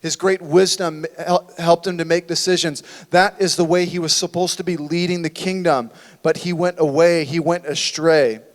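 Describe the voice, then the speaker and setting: A man's voice: on the high side, fairly even intonation, moderate pace, hardly any pauses, long reverb tail. A man preaching a sermon as a church pastor, conversational and full of rhetorical questions. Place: church sanctuary.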